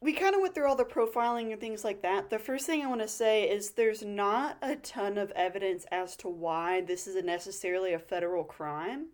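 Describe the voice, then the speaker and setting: A woman co-hosting a relaxed podcast. She talks through her points bluntly and analytically. Profanity comes easily in her speech. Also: mid-range voice, brisk, few pauses. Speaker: podcast co-host. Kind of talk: casual chat.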